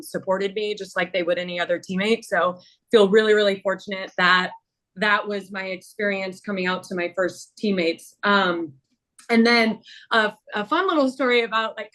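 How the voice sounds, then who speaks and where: A woman in her thirties sharing a personal story as a webinar panelist, candid and halting with many fillers. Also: mid-range voice, bright, forceful tone.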